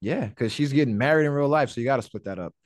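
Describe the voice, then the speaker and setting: A man's voice: mid-range voice, quick pace, dry recording. Male podcast host, loose joking delivery with swearing, dry recording. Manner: profane, rambling, joking. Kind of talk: casual wrestling chat.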